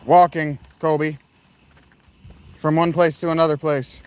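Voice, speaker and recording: Brief: man, slightly high voice, rambling livestream host chatting on a night walk outdoors, phone mic. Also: little pitch movement, measured pace, clear, resonant tone. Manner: rambling, answering chat while walking. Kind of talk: casual livestream chat. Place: outdoors at night near parked cars.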